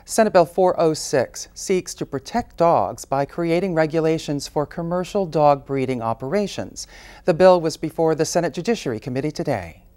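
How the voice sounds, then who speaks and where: A man anchoring a legislative news program, reading scripted copy in a measured, even way. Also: on the high side, no room sound.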